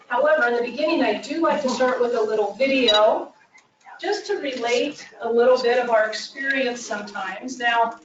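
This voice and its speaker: Earnest woman trainer in an echoey room. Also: on the high side. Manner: earnest, with frequent "uh" and "um" fillers. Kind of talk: training presentation. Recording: echoey room from far off, dull and faintly noisy.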